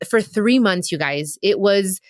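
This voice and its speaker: A woman's voice: medium pitch, animated, unhurried, a little hiss or hum. A woman in her thirties hosting a podcast, talking about her marriage in a candid, emotional way and speaking straight to her listeners. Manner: emotional, confiding, addresses listeners directly. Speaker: podcast host. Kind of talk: candid casual chat.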